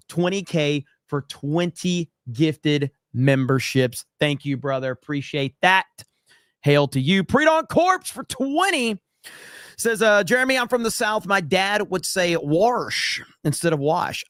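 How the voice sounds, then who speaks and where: A man hosting a livestream talks in a casual, blunt way and swears freely. His voice sits a little high. The sound is close and dry, with no room around it. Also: a bit bright, no echo. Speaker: livestream host reacting to clips. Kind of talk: casual profane commentary and chat reading.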